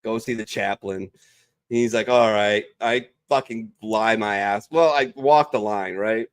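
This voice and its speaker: A young adult man, a veteran panelist on a video call, telling stories in a casual, profane and animated way. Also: lowish voice, unhurried. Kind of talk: casual storytelling chat.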